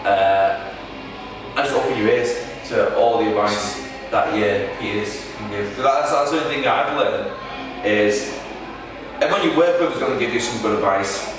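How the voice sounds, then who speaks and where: A man, a wrestler, answering interview questions in a halting, casual way with many restarts. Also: fairly low pitch, over music. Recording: echoey room from far off.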